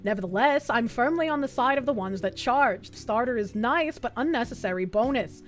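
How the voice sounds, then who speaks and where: High-pitched woman, American streamer, casual and profane, loose rambling delivery. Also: animated, brisk, faint music behind. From United States. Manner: rambling, profane, laughs often. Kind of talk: casual stream chat reading an article.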